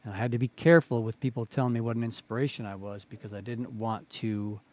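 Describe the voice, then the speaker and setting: A man's voice: lowish voice, steady tone, fast, darkish tone. A man hosting a conversation, reflective and searching for words as he speaks. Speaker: host.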